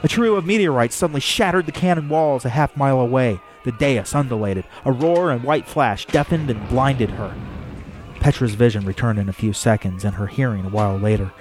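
A man's voice: mid-range voice, brisk, a little mellow. Man narrating a novel steadily. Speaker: audiobook narrator. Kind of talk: scripted narration.

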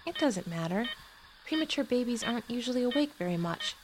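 A woman reading the lines of a calm female nurse in a gentle, soothing way. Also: on the high side, fairly quick, noisy background, pitched above the performer's own voice.

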